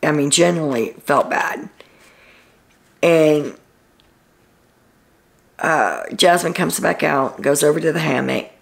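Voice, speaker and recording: A woman's voice: deep voice, takes it slowly, creaky, long pauses. A woman hosting a casual reality TV recap, telling what happened in a chatty storytelling way and quoting people with "he's like.".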